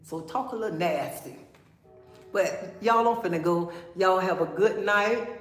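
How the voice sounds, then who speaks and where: A woman's voice: medium pitch, measured pace, reverberant, soft background music. A woman hosting a casual livestream, talking frankly and preachily and often checking in with "okay?" and "honey". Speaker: livestream host.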